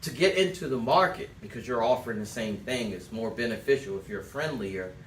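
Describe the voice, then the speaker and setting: Animated and a little fast, this man's medium-pitched voice carries a sales class as he gives direct orders and urges people to note things down. He is a sales trainer giving a coaching talk; the audio has slight background noise, echo, and a far-off mic.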